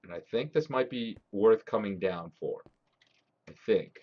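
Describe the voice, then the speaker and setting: A man's voice: fairly low pitch, animated, measured pace. Swearing, frustrated gaming streamer man. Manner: frustrated, swearing, talks to chat. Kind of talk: live game commentary. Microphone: desk mic. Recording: slightly dull lo-fi stream audio.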